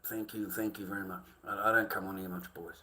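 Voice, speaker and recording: A man's voice: low voice, flat delivery, fast, pushed and bright. A middle-aged Australian man ranting to his livestream chat, swearing constantly and calling viewers mate and boys.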